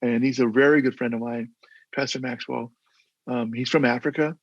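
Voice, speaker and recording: An older man with a gravelly, husky voice talks in a casual interview over a video call. He tells his stories earnestly and rambles, restarting his sentences often. The dull, dry audio has little room sound. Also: medium pitch, fairly even intonation, normal speed, no room sound. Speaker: guest, former mayor.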